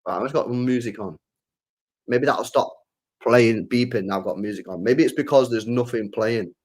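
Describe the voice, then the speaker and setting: A man's voice: medium pitch, moderate pace, darkish tone. A young man streaming live, reading chat and answering in a slangy, laid-back way, repeating himself and swearing freely.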